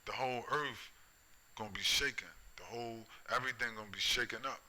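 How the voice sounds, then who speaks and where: Speaking fairly quickly in a medium-pitched, sharp voice, this middle-aged man vlogs a preachy rant, swearing, repeating himself and tossing in tag questions like "right?" and "you see?". It's captured in a low-quality recording.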